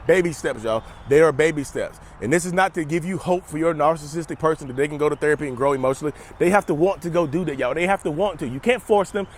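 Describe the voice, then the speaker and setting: A man's voice: a little high, quick pace, hardly any pauses, slight background noise. A man talking off the cuff outdoors to his viewers, rambling and joking as he goes. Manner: rambling, jokey, addresses viewers as y'all. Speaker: mental health vlogger. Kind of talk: casual unscripted monologue to camera.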